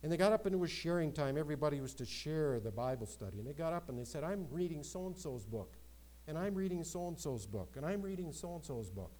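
Male pastor preaching, emphatic, loud peaks and quiet asides, slightly high voice. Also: lively intonation, fairly quick, rough recording. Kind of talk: sermon.

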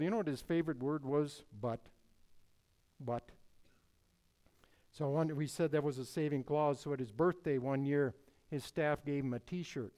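A man preaching a sermon in an emphatic, deliberate way, repeating key phrases. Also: fairly high pitch, warm tone.

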